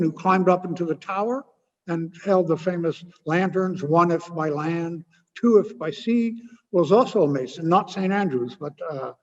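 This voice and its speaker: A man giving an informal history lecture, halting often with filler sounds and adding wry asides. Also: a little high, darkish tone. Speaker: guest speaker. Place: lecture hall. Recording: muffled with long hall echo.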